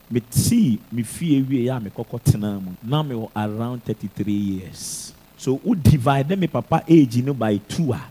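A Ghanaian man in his thirties, a pastor preaching an animated sermon. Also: medium pitch, breathy edge. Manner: animated preaching mixing English and Twi.

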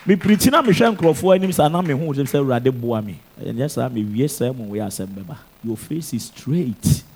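A Ghanaian man in his thirties, a pastor preaching an animated sermon. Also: mid-range voice, normal speed, a little hiss or hum. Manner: animated preaching mixing English and Twi.

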